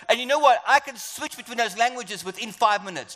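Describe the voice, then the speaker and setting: A South African man preaching a sermon in an animated, playful way, acting out voices. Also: extremely high pitch, fairly quick. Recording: echoey hall.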